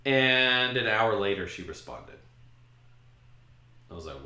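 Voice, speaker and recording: A man's voice: fairly low pitch, slow pace, long pauses. A man hosting a podcast, casually telling a self-mocking story about his own past. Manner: self-mocking, animated retelling. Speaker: podcast host. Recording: roomy echo.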